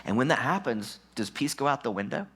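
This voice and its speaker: A man's voice: animated, fairly quick, fairly bright tone, slightly rough. Emphatic male pastor preaching a sermon. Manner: emphatic, drops low then rises for stress; repeats key lines for effect. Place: church.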